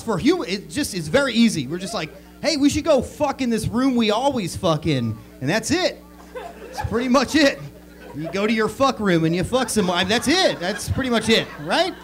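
A man doing crude, animated stand-up comedy on a club stage, acting out bits as he goes. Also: high voice. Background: audience laughter.

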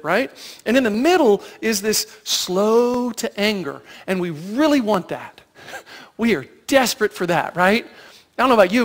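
A man preaching a sermon as pastor, in a conversational, animated way, asking the congregation rhetorical questions and acting out the lines of Bible characters. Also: high-pitched, big-room sound. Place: church sanctuary.

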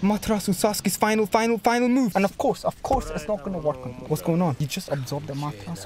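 A man hosting an anime reaction channel, giving live commentary that turns to excited shouting and stammering in disbelief, speaking into a desk microphone. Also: high-pitched, fast talker, few pauses, slight background noise.

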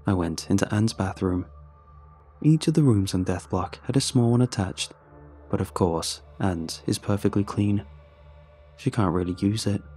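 A man reading a first-person horror story in a scripted, even, conversational narration. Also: lowish voice, breathy edge.

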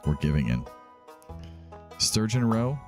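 A man's voice: on the low side, sing-song, slow, a little mellow. A man hosting a let's play, chatting casually and thinking aloud as he plays. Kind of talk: casual gameplay commentary. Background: game music.

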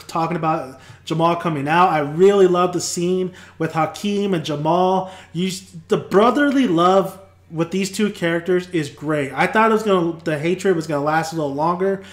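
Animated man recapping TV, high voice. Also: reverberant. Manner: animated, acts out characters' lines. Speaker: TV review host. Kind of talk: casual spoken TV recap.

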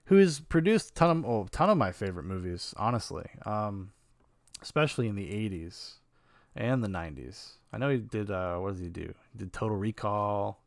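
A man's voice: lowish voice, animated, moderate pace, gravelly, no room sound. A man hosting a podcast, giving a casual and frank film review in a rambling, opinionated way with some swearing.

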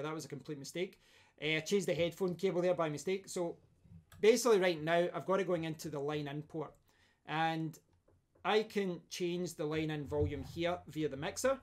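A man hosting a casual tech tutorial, talking through a hands-on demonstration at his home desk, restarting sentences as he works the gear. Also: fairly high pitch. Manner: talks while demonstrating gear, thinking aloud with restarts. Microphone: desk microphone, switching between mics.

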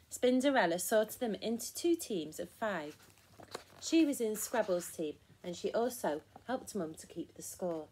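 A woman reading a picture book aloud to children, expressive and inviting them to count along. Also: medium pitch, moderate pace, breathy edge. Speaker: children's storyteller. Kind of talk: children's story time read-aloud.

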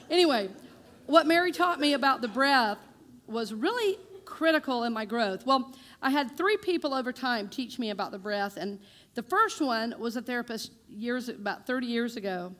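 A woman's voice: on the high side, lively intonation, normal speed, fairly bright tone. A woman minister giving a chatty, conversational sermon in a church, joking with her congregation. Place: church sanctuary.

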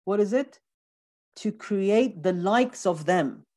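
A man's voice: sits high, animated, slow pace, a little mellow. A man giving a recorded lecture on scripture, talking animatedly and emphatically, with rhetorical questions and words repeated for emphasis.

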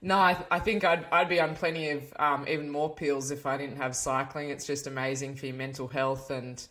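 A woman's voice: low-pitched, little pitch movement, a little fast, fairly bright tone. A woman co-hosting a podcast in an upbeat, casual manner. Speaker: podcast co-host.

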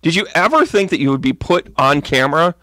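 A man's voice: lively intonation, fairly quick, pushed and bright, no room sound. A man giving a casual, joking tarot reading to viewers on a livestream, chatty and playful. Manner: jokey, chatty, slips into silly high voices.

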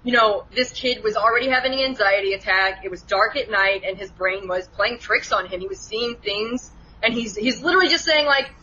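Woman co-host, analytical casual chat, bright, slightly high voice, dull lo-fi recording with faint hiss. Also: a little fast. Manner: explains at length, analytical. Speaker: co-host in a film review chat.

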